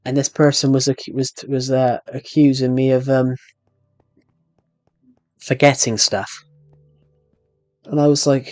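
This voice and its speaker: A man's voice: medium pitch, level tone, a little slow, pauses often, a little mellow, dry recording. A young man live streaming a game, telling a rambling, aggrieved story that keeps repeating and restarting phrases. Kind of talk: casual live stream chat while gaming.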